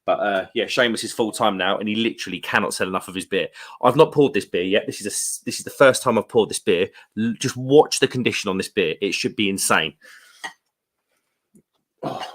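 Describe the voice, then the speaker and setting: A man with a British accent hosting a casual live stream, chatty and rambling, with quick laughs and slangy asides. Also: on the low side, fairly bright tone. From United Kingdom. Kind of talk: casual live stream chat, reading viewer comments. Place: room at home.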